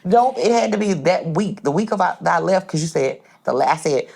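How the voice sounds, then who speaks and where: A woman's voice: a little fast, vocal fry, breathy edge. A woman from Port Arthur, Texas, a home-based caterer, telling a story in a casual chat and acting out the dialogue with big jumps in her voice. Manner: animated, acts out dialogue with big pitch jumps.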